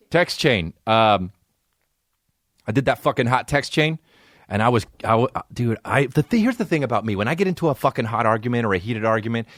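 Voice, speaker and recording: A man's voice: mid-range voice, fairly bright tone, dry recording, clean studio sound. A man in his forties hosting a podcast, telling profane comic stories and slipping into put-on voices. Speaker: podcast host. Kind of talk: comedic monologue.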